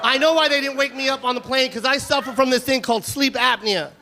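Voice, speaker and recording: Loud, high-pitched male stand-up comedian. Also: quick pace. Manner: loud, animated, shouting punchlines, profane. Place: comedy venue stage before a live audience. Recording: live stage recording with crowd laughter and noise.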